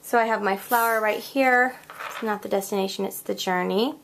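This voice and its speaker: A woman's voice: mid-range voice, fairly even intonation, normal speed, a bit bright, slight background noise. A woman hosting a casual crafting tutorial at home, chatting and joking about her mistakes as she works. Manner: chatty, self-deprecating, talks while working. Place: home craft room, kids heard elsewhere in house.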